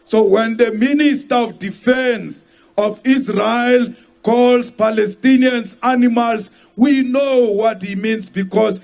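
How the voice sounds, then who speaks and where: Slow high-voiced South African man shouting. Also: creaky. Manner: slow, emphatic, shouted lines. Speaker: political leader addressing a rally. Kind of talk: rally speech.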